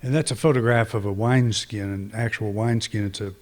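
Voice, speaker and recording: A man's voice: lowish voice, steady tone, fairly quick. A man, a minister, preaching a conversational, reflective sermon with frequent restarts and fillers.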